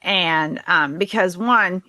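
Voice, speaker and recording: Guest: New England woman, forties, bright, dry close sound, chatty storyteller who quotes herself. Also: fairly low pitch, slow pace, dry recording. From New Hampshire. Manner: chatty, quotes herself often, laughs easily. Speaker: podcast guest. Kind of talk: casual interview conversation.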